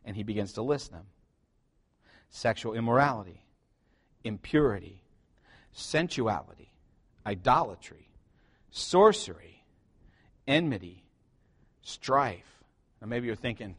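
A man preaching to his church, animated and joking, calling out to the congregation for responses. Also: medium pitch, measured pace, long pauses, breathy edge. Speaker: pastor. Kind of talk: sermon. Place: church sanctuary.

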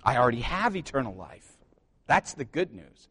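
A man preaching to his church, animated and joking, calling out to the congregation for responses. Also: mid-range voice, moderate pace, husky. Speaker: pastor. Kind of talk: sermon. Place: church sanctuary.

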